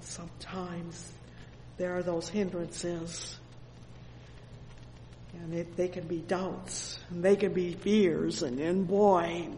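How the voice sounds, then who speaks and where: A woman preaching a sermon, fervent and unhurried, often breaking into exclamations of praise. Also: fairly low pitch, warm tone. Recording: echoey hall with faint ambient noise.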